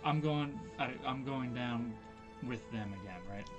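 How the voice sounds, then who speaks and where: A tabletop game player trading quick jokes in casual banter, with a voice at a middle pitch and clear music running behind. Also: muffled recording.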